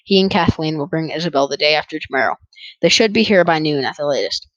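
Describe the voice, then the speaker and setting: A reader voicing a gruff rancher father who talks in short, clipped lines, read for an audiobook. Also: medium pitch, fast, a bit bright, dry recording, highs cut off, natural voice.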